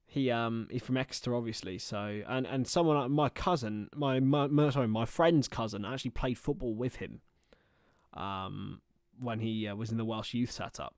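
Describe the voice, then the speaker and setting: A young man calls football over a livestream in a casual watchalong style, flitting between player names and loose, chatty tangents. His voice sits at an ordinary middle pitch. The sound is close and dry, with no room around it. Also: moderate pace, darkish tone, no echo. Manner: chatty, rambling asides between play-by-play. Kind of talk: casual watchalong match commentary.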